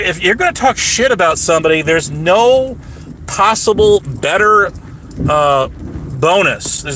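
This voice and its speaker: A man's voice: high voice, bright, forceful tone. A man rambling on a livestream while driving home, profane and combative, with lots of fillers, restarts and taunts at viewers. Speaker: livestream host. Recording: noisy car cabin.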